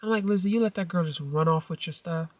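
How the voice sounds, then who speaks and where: A middle-aged woman vlogging casually to her viewers, telling a family story and acting out the quoted lines with sudden high-pitched outbursts. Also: fast, no echo, recorded from a distance. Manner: animated storytelling, acts out quotes with big pitch jumps. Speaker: mommy vlogger. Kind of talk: casual vlog talk.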